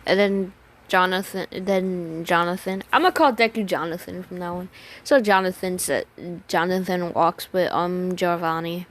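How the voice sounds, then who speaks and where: A woman's voice: fairly low pitch, fairly even intonation, normal speed, a bit bright. A woman improvising a fan story aloud, rambling and casual, with many restarts, name slip-ups and swearing.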